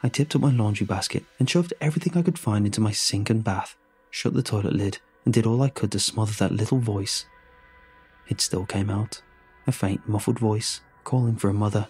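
A man with a husky, slightly low voice tells a first-person horror story. He keeps a hushed, measured pace, sounding shaken. Faint music plays softly underneath.

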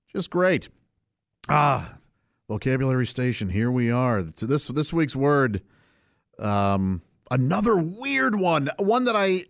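A man's voice: medium pitch, no echo, studio quality. A man hosting a casual solo podcast, chatty and rambling and laughing often. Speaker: podcast host.

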